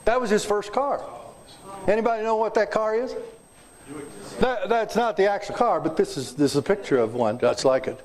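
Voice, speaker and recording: A high-pitched man talks at a moderate pace. He's in his seventies, hails from south central Kansas, and entertains a club meeting room as guest speaker with a folksy, joking talk, quizzing the audience as he goes.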